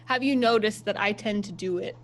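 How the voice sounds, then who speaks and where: A woman's voice: mid-range voice, brisk, a little hiss or hum. A woman player talking in character, playful and coaxing. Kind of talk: in-character game talk.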